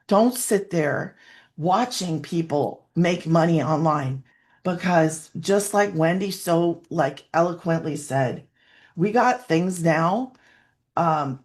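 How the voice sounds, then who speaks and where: A woman giving a rambling, heartfelt personal testimonial as a webinar guest over a video call, sometimes close to tears. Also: lowish voice.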